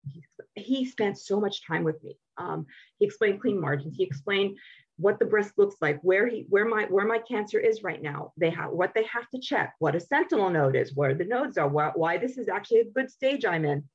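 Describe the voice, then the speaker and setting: A woman's voice: medium pitch, lively intonation, normal speed, husky, muffled recording. A woman guest in a podcast interview, telling her personal story candidly and animatedly, restarting her sentences often.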